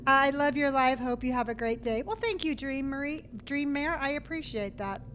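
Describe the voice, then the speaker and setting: A woman's voice: high voice, normal speed, noisy background. A woman hosting a live stream, chatting casually and greeting viewers in an upbeat, playful, sing-song way from her home setup. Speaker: livestream host.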